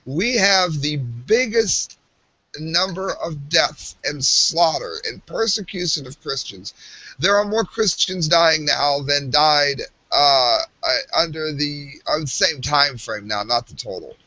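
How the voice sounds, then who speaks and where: A man's voice: a little high, animated, slow pace, bright, forceful tone, no echo. A man co-hosting a live talk show, arguing with heated emphasis and frequent restarts. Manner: impassioned, emphatic, with many restarts. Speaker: podcast co-host. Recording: muffled lo-fi stream audio.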